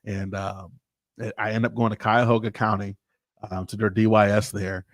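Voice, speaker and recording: A man and pastor telling a personal story casually, animated and informal, acting out the people he quotes. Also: lowish voice, normal speed, no room sound, studio quality.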